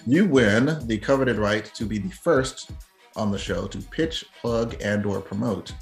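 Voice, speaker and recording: Slow-talking teasing podcast host, man. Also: on the low side, expressive, soft background music. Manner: teasing and jokey, laughs often. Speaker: podcast host running a music quiz. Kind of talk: casual podcast chat.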